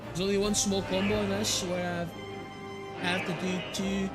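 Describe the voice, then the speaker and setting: Excitable man streaming a game. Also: sits high, moderate pace. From Philippines. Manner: chatty, excitable, reads game text aloud. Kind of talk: casual live-stream chatter while playing. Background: game music.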